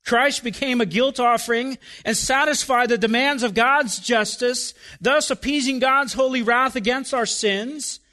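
A pastor in full sermon mode, his voice sitting unusually high for a man. The tone is bright and forceful. He asks the congregation pointed rhetorical questions and lets some phrases sink to a hush before building back up. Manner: drops to quiet, slow phrases then rises again.

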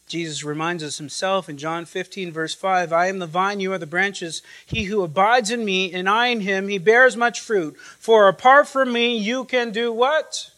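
Guy preaching a bible sermon, fairly high voice, emphatic, repeats himself, gets loud then drops real quiet. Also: poor audio. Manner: emphatic, repeats phrases, swings from loud to hushed; quotes scripture and Greek words slowly. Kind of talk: expository sermon.

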